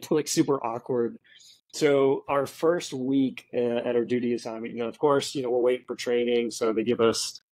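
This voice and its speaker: A man's voice: mid-range voice, no echo, poor audio. A man in his forties from Florida, a guest on an interview show, telling stories casually with lots of fillers and restarts. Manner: animated storyteller, many fillers and restarts, laughs easily. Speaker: guest, veteran and tech founder.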